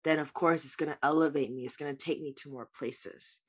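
A woman's voice: low voice, steady tone, fairly quick. A woman speaking as a life coach guest in an interview, answering in an earnest, reflective way with many "like" fillers.

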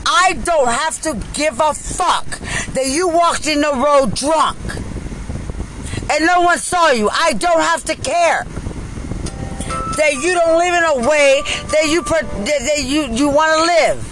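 A woman, a mother, delivering an angry, profane rant that keeps circling back to the same accusations and often breaks into shouting. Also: high voice, expressive, unhurried, slight background noise. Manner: furious, accusing, repetitive, swings into shouting.

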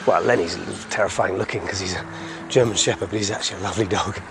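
A man's voice: low-pitched, fast, over music. A middle-aged man hosting a community podcast outdoors, walking a hillside road and chatting casually with frequent chuckles.

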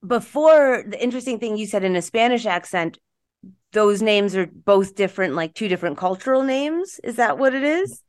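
A woman's voice: medium pitch, animated, moderate pace. A woman hosting a podcast in casual chat, bubbly and rambling with lots of filler words. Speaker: podcast host.

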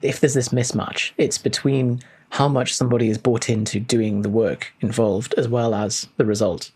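A man, a fitness coach and podcast co-host, explaining his views thoughtfully in long, halting sentences on a video call. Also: mid-range voice, fairly even intonation, darkish tone, breathy edge. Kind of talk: casual podcast chat.

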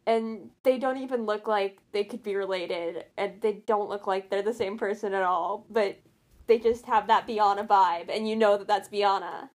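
A young woman in casual fan chat, rambling and animated, poking fun at herself. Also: mid-range voice, normal speed. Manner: rambling, animated, self-deprecating.

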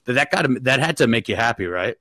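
A man's voice: medium pitch, animated, a little fast, bright, forceful tone, a little hiss or hum. A young man hosting a casual sports podcast, slangy and laid-back, often laughing. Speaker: podcast host.

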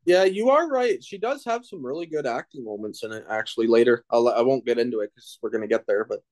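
A man's voice: mid-range voice, animated, fast, darkish tone. A man guesting on a podcast in casual chat, agreeable and mostly giving short replies.

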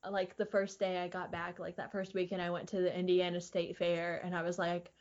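In an air-conditioned recording room, a young woman talks into a studio microphone as a podcast guest, telling rambling, filler-heavy stories and laughing a lot. Her lowish, darkish voice is completely flat and fairly quick, and the highs in the recording are cut off.

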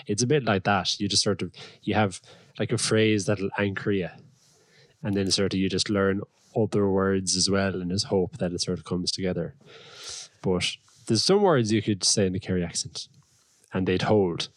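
A young Irish man with a fairly low voice spins wry stories in podcast banter. His lively delivery is heard up close and dry. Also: normal speed, dry recording. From Ireland. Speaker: podcast co-host. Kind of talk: casual banter.

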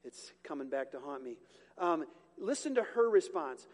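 A man's voice: on the high side, very animated, normal speed. A male pastor preaching a sermon to a congregation, conversational and joking, catching and correcting his own slips. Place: church sanctuary with a congregation. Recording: long hall reverb.

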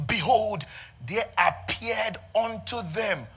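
A male pastor preaching an impassioned sermon, swinging between hushed asides and shouted passages. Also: high-pitched, slow pace, gravelly.

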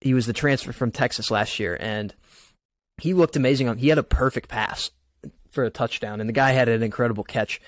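Excitable man stumbling over words. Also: medium pitch, a little fast, dry recording. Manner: stuttering, excitable. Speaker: podcast co-host. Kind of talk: casual sports chat.

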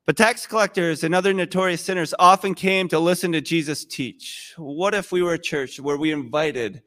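A male pastor giving a sermon in a conversational, animated storytelling way. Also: a little high, moderate pace.

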